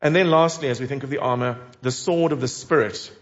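A man's voice: medium pitch, brisk. Earnest preacher man, dull lo-fi recording. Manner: earnest, emphatic, asks the listeners direct questions. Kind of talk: sermon.

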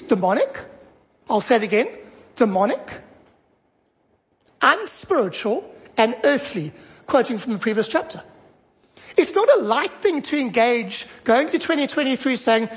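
A preacher giving a sermon, emphatic and fond of repeating short phrases for stress. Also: mid-range voice. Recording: dull lo-fi recording.

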